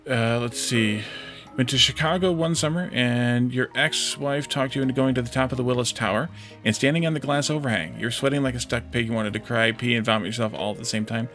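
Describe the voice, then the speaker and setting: A man's voice: mid-range voice, a little fast, fairly bright tone. A man hosts a game stream in an easygoing, chatty way. He talks with friends over a voice chat mic and often restarts mid-sentence. Faint music plays behind him. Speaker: host streamer. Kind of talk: casual voice chat while gaming.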